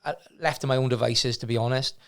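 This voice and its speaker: A man's voice: mid-range voice, steady tone, quick pace. A middle-aged man, telling his life story as a guest in a casual chat, rambling with many restarts. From Wales. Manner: rambling, many restarts, acts out quoted people. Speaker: martial arts gym owner, guest.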